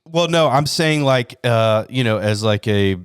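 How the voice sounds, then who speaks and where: A man's voice: medium pitch, animated, measured pace, smooth, no echo, clean studio sound. A man co-hosting a casual whiskey podcast, laid-back, saying "dude" and "you know" a lot. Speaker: podcast co-host.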